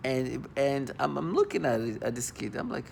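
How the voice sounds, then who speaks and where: A man's voice: medium pitch, expressive, gravelly, a little hiss or hum. A man talking into his own video, agitated and disgusted, stumbling through restarts and fillers. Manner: halting, full of restarts and fillers. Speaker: vlogger. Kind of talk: personal video monologue.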